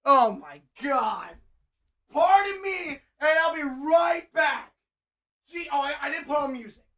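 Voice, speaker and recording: Male game streamer, high bright voice, theatrical mock-whining rants at chat. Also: animated, unhurried. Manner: melodramatic, mock-whining outbursts. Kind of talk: live gameplay stream chat.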